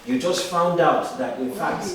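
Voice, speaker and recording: Calling cues and counting moves with authority, a man leads acting students through stage combat exercises at a measured pace. His voice is a little high, and the recording comes from an echoey room with noise in the background.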